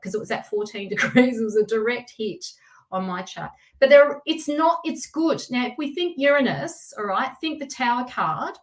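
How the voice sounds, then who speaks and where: A woman with a slightly high voice hosts a casual live tarot reading. She talks in a chatty, excitable way, laughing often and speaking to her viewers by name. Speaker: tarot reader hosting a live stream.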